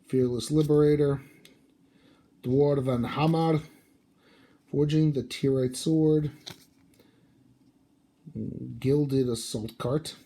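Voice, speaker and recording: A sleepy man with a fairly high, mellow voice yawns as he opens booster packs, muttering card names in an offhand way. He speaks slowly and evenly, with long pauses, like a casual card-unboxing video host.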